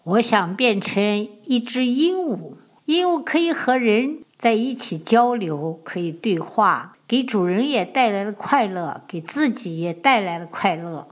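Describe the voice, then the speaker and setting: A middle-aged woman, the host's mother, reading example sentences in a measured way for a language lesson. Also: mid-range voice, expressive.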